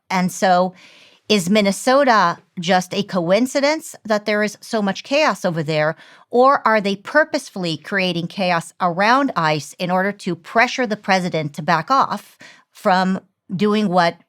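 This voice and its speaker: A woman's voice: lowish voice, fairly bright tone. A woman hosting an interview, putting direct, leading questions to her guest. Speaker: interview host.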